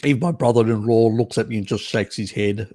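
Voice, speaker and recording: A man's voice: lowish voice, brisk, warm tone. A man hosting a casual live stream, chatting with viewers in a teasing, cheeky way and laughing often.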